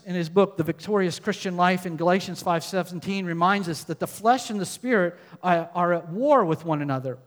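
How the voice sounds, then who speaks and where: Male pastor, high-pitched, sermon delivery that swings between forceful and hushed, long reverberant hall. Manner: preaching with rising emphasis, dropping to quiet asides.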